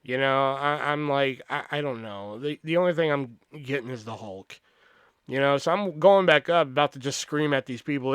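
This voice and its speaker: This thirtysomething podcast host speaks at medium pitch and a moderate pace, his voice smooth with no echo. His comedic storytelling is animated and rambling, full of cursing.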